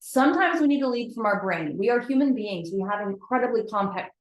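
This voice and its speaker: A woman's voice: fairly high pitch, animated, fairly quick. A woman giving a candid, chatty motivational talk to a live audience, speaking straight to her viewers. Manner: candid, chatty, addresses viewers as "you guys". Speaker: host of a weekly motivational live video. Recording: roomy echo.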